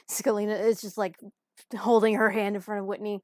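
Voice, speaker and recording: A woman plays in a tabletop game, speaking casually with a mid-range pitch. She hesitates and giggles as she reads out the rules. Her voice sounds dry and close to the mic. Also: flat delivery, moderate pace, dry recording. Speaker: player. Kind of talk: casual game play chat.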